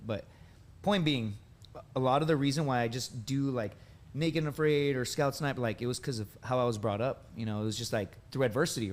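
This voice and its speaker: Thirties man, podcast guest, mid-range voice, lively and informal delivery. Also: medium pitch. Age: 30s. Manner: animated, says "dude" and "right?" often. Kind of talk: casual storytelling.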